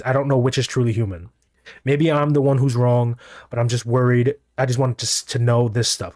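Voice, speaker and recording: Brief: male manga commentator, mid-pitched, rambles excitedly through chapter recaps, dry close mic. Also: no room sound. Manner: rambling, excitable, reads out dialogue in his own voice.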